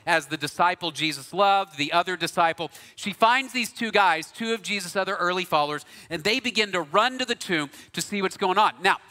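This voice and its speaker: A man delivering a sermon, earnest and animated as he tells the story. His voice sits a bit high and has a sharp, forceful edge. It rings with long reverb from a big church auditorium. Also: a little fast, hardly any pauses. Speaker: pastor.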